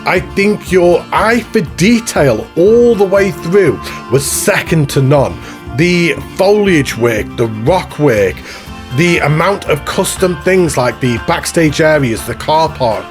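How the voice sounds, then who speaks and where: A man's voice: fairly high pitch, animated, takes it slowly. A man giving chatty, rambling commentary while touring a zoo in a video game, often laughing at himself. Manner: chatty, rambling, self-mocking. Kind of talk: casual gameplay commentary. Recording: faint background music.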